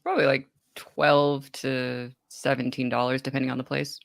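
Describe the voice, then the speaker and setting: A man's voice: mid-range voice, little pitch movement, moderate pace, vocal fry, a bit bright, no room sound, studio quality. A man, a podcast co-host chatting casually with brief, easygoing interjections. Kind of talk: casual chat.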